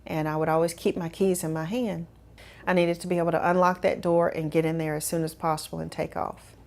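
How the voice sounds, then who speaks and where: Low gravelly-voiced woman recounting. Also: level tone, darkish tone. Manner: measured, reflective storytelling with many fillers. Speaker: survivor telling her story. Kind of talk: personal testimony.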